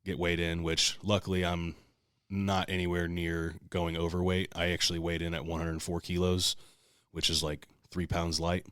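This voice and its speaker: A man's voice: deep voice, flat delivery, normal speed, hardly any pauses, fairly bright tone, clean tone, dry recording, clean studio sound. A man co-hosting a podcast, telling a long story in casual, profane, heated talk. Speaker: podcast co-host.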